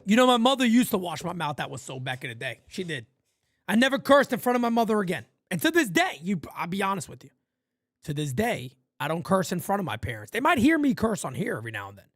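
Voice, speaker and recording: A man from New York hosting a live fan play-by-play stream, blunt and profane, swinging from loud calls to low asides. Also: very animated, fast talker, dry recording. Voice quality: profane, blunt street talk.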